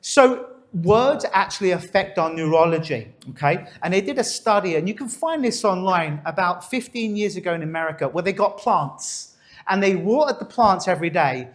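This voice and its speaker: A man's voice: sits high, lively intonation, moderate pace. A man working as a stage hypnotist, coaxing and instructing a volunteer during a live demonstration on stage. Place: on a stage before an audience.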